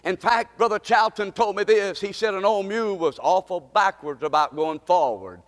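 A pastor preaching with a notably high-pitched voice, leaning hard on repeated phrases. His sermon rings out with the long reverb of a church hall. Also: normal speed.

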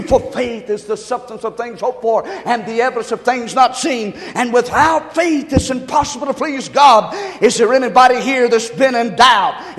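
A male pastor preaching a sermon to his congregation, swinging from quiet, hushed lines to loud shouting. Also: extremely high pitch, gravelly, in a large hall. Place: large church.

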